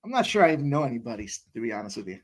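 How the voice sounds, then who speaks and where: A man co-hosting a live betting stream, telling quick, profane stories in casual chat. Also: mid-range voice, big pitch swings.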